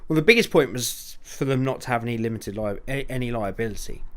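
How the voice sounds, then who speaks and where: A man's voice: mid-range voice, fast, a bit bright, a little hiss or hum. A man co-hosting a podcast, chatting casually about motor racing, hesitant, with frequent ums and restarts. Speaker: podcast co-host. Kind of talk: casual sports chat.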